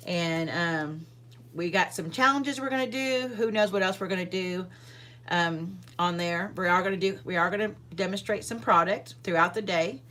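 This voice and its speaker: A woman demonstrating card-making live, talking to her viewers in a loose, chatty way full of ums and side remarks. Her voice sits a little low for a woman. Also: normal speed, sharp tone. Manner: chatty, rambling, full of fillers and asides to viewers. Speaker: card-making livestream host. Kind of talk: casual live crafting demonstration.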